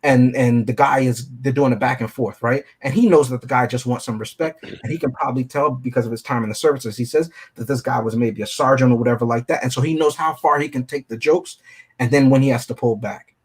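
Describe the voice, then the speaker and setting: A man's voice: medium pitch, a little fast, husky. A man hosting a film review show, talking through a movie in a casual, analytical way and often checking in with his listeners.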